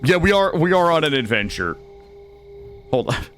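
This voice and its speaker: An American man with a cold talks casually to his viewers during a game stream, his voice sitting a bit high and swinging widely in pitch. He rambles, restarts sentences and chats over faint background music. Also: very animated, normal speed, a bit bright. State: has a cold. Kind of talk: casual gaming stream chat.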